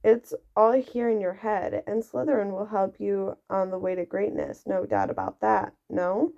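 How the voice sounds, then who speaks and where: A woman's voice: mid-range voice, animated, normal speed, dark tone, lightly acted. A woman voicing an old talking magic hat that muses slyly and draws out its words, on a dull lo-fi recording. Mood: musing.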